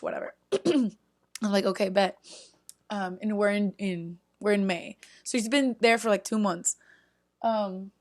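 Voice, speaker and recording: A young woman vlogging, casually telling a story with many "like"s and sudden loud bursts of disbelief. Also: mid-range voice. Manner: frequent filler "like" and restarts, chatty.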